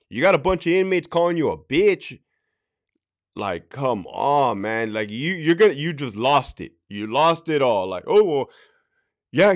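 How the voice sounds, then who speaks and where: A middle-aged man tells blunt, profane stories on a casual podcast. He acts out quotes in other voices as he goes. His pitch swings widely from low to high. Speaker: podcast host, former correctional officer.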